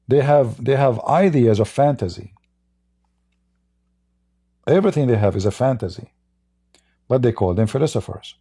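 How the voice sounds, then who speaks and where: Gravelly-voiced man mocking on a livestream. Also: mid-range voice, expressive, normal speed, pauses often, mellow, no room sound, studio quality. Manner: blunt, mocking, repetitive restarts. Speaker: livestream host. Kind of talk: livestream monologue.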